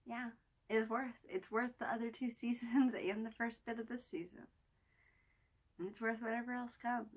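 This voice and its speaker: A woman's voice: on the high side, fairly even intonation, normal speed. A woman hosting a casual weekly TV review vlog, talking in an enthusiastic, rambling way with restarts and fillers, sometimes dropping almost to a whisper. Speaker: TV review vlogger.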